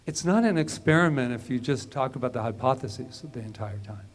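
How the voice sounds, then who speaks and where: A male minister giving a conversational sermon, telling personal stories and dropping to a hush for inner moments. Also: medium pitch, animated, a little fast. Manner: conversational and storytelling, drops to a hush when recounting inner moments.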